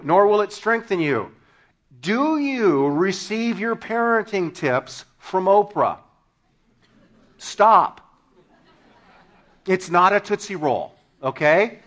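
Preaching to his congregation slowly and expressively, this pastor has a high voice. His sermon is full of funny stories, and he laughs along as he shouts out sudden punchlines.

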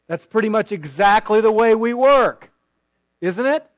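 A man preaching a sermon as pastor, sarcastic and animated, acting out mock quotes from people he disagrees with. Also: high voice, unhurried, no echo.

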